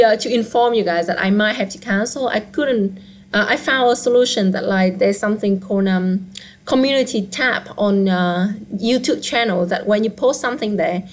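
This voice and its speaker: A woman, a Vietnamese teacher whose first language is Vietnamese, answers questions in a casual live-stream Q&A, her throat hoarse and scratchy, talking in a chatty way with plenty of fillers. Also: on the high side. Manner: chatty, relaxed, with frequent fillers.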